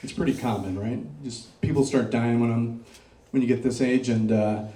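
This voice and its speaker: A man's voice: medium pitch, normal speed. Middle-aged man doing stand-up in a roomy club. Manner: crowd work, deadpan dark punchlines. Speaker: stand-up comedian. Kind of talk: stand-up comedy set. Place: comedy club stage before a laughing crowd. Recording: roomy club sound, mic picked up from a distance.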